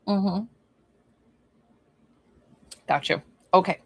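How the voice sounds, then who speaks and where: A woman's voice: on the low side, very slow, gravelly, dry recording. A woman working as a psychic medium, giving an informal one-on-one reading and thinking aloud with lots of fillers. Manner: bursts into laughter.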